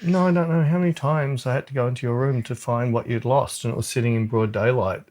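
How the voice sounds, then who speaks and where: A man's voice: medium pitch, fairly even intonation, quick pace, darkish tone, slight background noise. Goofy joking man. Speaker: podcast co-host. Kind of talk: casual chat. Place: home lounge room.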